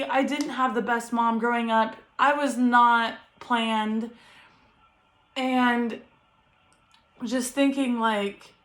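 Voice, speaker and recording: Woman, young adult, slightly high voice, earnest, encouraging, vlog at home by a ring light. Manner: earnest, encouraging, laughs often. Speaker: vlogger, first-time mom. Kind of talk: heartfelt vlog talk to camera.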